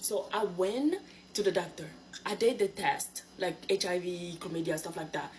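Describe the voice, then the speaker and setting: A woman's voice: fairly low pitch, moderate pace. Woman, casual story to camera, blunt and exasperated, faint hiss in the background.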